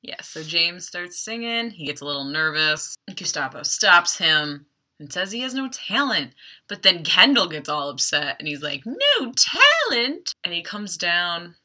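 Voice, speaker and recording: A woman hosts a podcast in an easy, chatty recap style, tossing in wry asides as she goes. Her voice is very bright and sits a little low for a woman. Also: lively intonation, normal speed. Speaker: podcast host. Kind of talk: casual episode recap.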